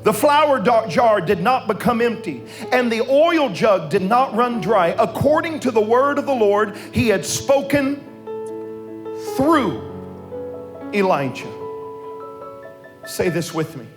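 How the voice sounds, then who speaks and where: High-voiced preaching man with faint music. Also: very animated, slow, pauses often. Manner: swings from quiet storytelling to loud, sing-song preaching. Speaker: pastor. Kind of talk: sermon. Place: church sanctuary.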